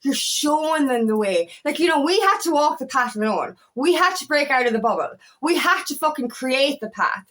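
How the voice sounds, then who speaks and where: Woman, coach, casual motivational talk, fairly high voice, blunt, heated, swearing, lots of fillers. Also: animated, moderate pace, few pauses, a bit bright. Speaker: empowerment coach.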